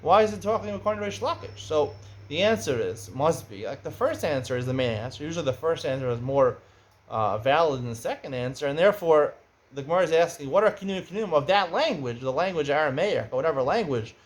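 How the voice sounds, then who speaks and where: A middle-aged Talmud teacher lectures briskly in a fairly high voice. He keeps things conversational but gets animated as questions come up.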